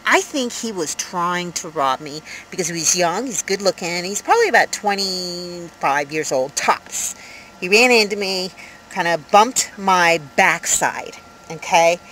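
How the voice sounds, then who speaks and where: A woman in her fifties telling a story to camera in a casual vlog, rambling and animated, with many fillers, from inside her van. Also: fairly low pitch, a little slow, slight background noise, low-quality recording. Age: 50s. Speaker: vlogger.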